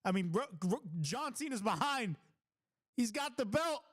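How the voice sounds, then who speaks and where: An excitable man hosting a live reaction stream, his high voice leaping all over the place between unhurried stretches of talk. He swears casually and breaks into loud shouts when the action peaks. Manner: excitable, blurts exclamations and shouts at big moments.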